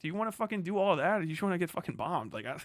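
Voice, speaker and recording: A man's voice: sits high, very animated, racing, no echo, studio quality. A man hosting a livestream, ranting casually in a profane, rambling, sarcastic way. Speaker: livestream host. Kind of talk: casual stream rant.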